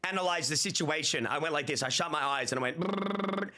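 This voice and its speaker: Man, thirties, casual streamer chat, bright voice, slangy rambling. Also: a little high, quick pace. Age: 30s. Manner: rambling, animated storytelling with playful slang.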